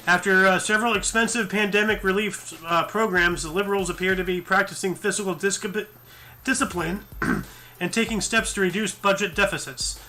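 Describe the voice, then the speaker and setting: A tired man hosts a casual news commentary show, reading articles aloud and rambling between them with fillers and self-corrections. His voice sits high for a man and sounds strikingly bright and sharp. Music plays faintly underneath. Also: fairly even intonation, normal speed.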